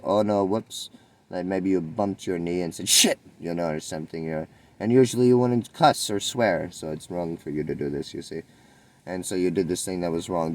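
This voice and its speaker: A man's voice: low voice, a little mellow, poor audio. A man giving a rambling, spontaneous spiritual monologue, musing and meandering, with sudden lifts in his voice. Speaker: spiritual vlogger.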